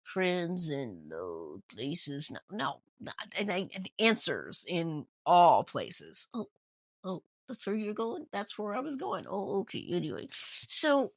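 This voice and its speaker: A woman's voice: on the low side, wildly swooping pitch, slow pace, no room sound. A woman ventriloquist hosting a casual, rambling comedic news recap with many restarts. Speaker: ventriloquist host.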